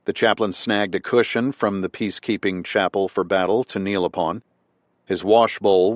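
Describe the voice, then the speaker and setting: Deep-voiced male audiobook narrator. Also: no echo. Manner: measured, steady reading. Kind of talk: scripted nonfiction narration.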